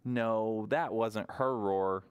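Male children's librarian, animated story-time delivery, smooth tone. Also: on the low side, very slow, muffled recording. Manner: animated sing-song storytelling to small children. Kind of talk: toddler story time with songs.

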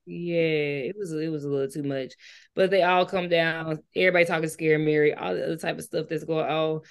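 A woman co-hosting a casual book discussion, lively and chatty, speaking to viewers. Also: low voice, fairly quick, clear, resonant tone.

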